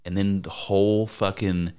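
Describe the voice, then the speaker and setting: Deep-voiced man rambling in casual chat. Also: flat delivery, normal speed, a little mellow, clear, resonant tone. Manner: rambling, profane storytelling with many restarts. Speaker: podcast co-host.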